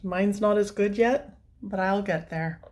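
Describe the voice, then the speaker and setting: A woman hosts her coloring channel in a casual, heartfelt chat. She gushes and laughs often and sounds teary and emotional. Her voice sits at an ordinary middle pitch. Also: a little slow, a little mellow.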